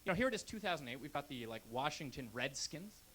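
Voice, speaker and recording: A young man from Canada doing a brash, deadpan stand-up comedy set on a club stage into a handheld mic. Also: a little high, fast talker, slight background noise.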